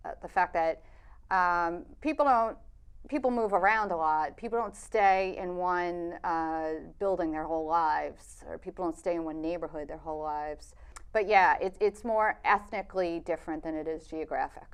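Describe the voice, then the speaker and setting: Interview guest: woman, low-pitched and smooth, speaks in measured, reflective answers. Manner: thoughtful, measured, with fillers. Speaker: documentary filmmaker, interview guest.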